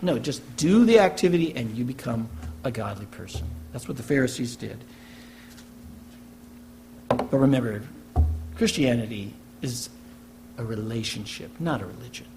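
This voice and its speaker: A man's voice: medium pitch, darkish tone, slight background noise. A man preaching a sermon as a pastor, emphatic, repeating key phrases and asking rhetorical questions. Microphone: church recording for online message.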